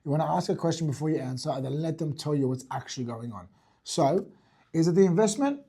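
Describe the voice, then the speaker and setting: A man teaching sales to a group, talking fast and blunt with a slightly husky voice pitched a little high. He swears casually and keeps checking in with his listeners. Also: expressive, mellow. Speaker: fitness business owner and sales coach. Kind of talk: teaching talk to an audience.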